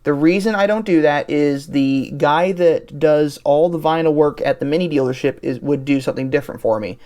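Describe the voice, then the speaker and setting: Casting: male host, smooth clear voice, relaxed think-aloud voice-over. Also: on the high side. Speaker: channel host. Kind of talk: casual voice-over walking through an online car configurator.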